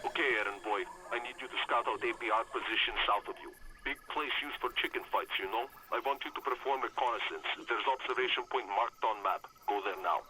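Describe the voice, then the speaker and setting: A curt phone-line mission boss. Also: male voice, mid-range voice, quick pace, pauses often, bright, forceful tone, slightly rough. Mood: commanding. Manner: curt, commanding. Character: gruff male mission contact giving orders by phone. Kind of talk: video game dialogue.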